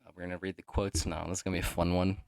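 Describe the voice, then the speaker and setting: A young man reading his own character profiles aloud, rushing through them with joking asides and stumbles. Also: low voice, level tone, creaky, darkish tone, no room sound, clean studio sound. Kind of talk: casual reading of written notes.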